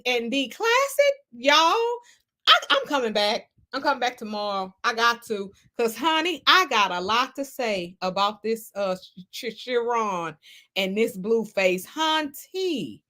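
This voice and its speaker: A woman hosting a casual gossip livestream, sassy and animated, laughing often as she reads the chat. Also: high voice. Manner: sassy, animated, laughs a lot, Southern Black American slang. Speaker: livestream host reading chat.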